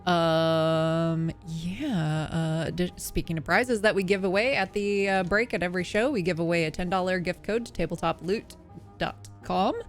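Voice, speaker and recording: A woman's voice: lowish voice, moderate pace, soft background music. A woman hosting a tabletop game livestream, giving casual announcements with lots of fillers and laughter. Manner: chatty, filler-heavy, laughing often. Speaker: stream host.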